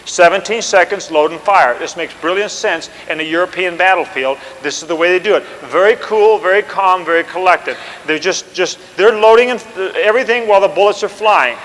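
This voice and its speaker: A man telling a history story in an animated way, acting out scenes and commands. The sound has a long reverb. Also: sits high, a little fast, hardly any pauses.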